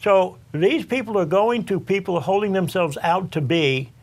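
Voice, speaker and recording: A man's voice: high-pitched, normal speed. A man hosting a talk show as an attorney, earnestly advising listeners directly and repeating his warnings. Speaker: tax and immigration attorney, show host.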